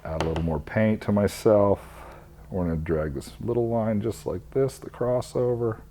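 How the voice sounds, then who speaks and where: A man with a very low voice talks through a hands-on craft demonstration at an easy pace. He explains each step plainly as he works. Faint noise sits behind his voice. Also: moderate pace, warm tone. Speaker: epoxy craft instructor.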